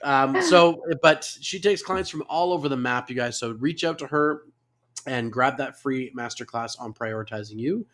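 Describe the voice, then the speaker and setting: A man's voice: mid-range voice, normal speed, a bit bright. A man hosting a live online interview show, talking in an upbeat, effusive way. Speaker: host.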